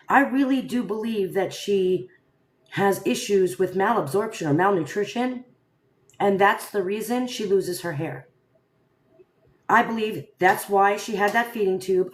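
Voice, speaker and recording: A woman hosting a casual live stream, talking straight to her viewers and firing rhetorical questions at them. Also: mid-range voice. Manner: animated, rhetorical, addresses viewers directly. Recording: echoey room sound.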